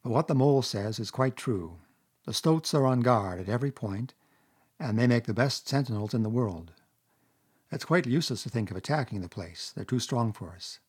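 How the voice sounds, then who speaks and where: A man's voice: medium pitch, lively intonation, moderate pace, a little mellow, breathy edge. A man voicing a stern, wise old male badger with a thin, dry voice and a commanding manner. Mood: kindly. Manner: severe and commanding.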